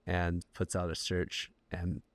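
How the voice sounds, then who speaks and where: A man hosting a conversational interview podcast, telling stories in an animated way with lots of "like" fillers. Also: sits low, takes it slowly, no room sound. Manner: animated storyteller with many "like" fillers. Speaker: podcast host.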